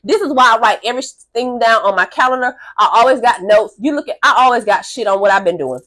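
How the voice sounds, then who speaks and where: A woman with a slightly high voice talks at a quick pace as she tells her camera a long personal story. It's casual and animated, with plenty of swearing and acted-out impressions of the people involved.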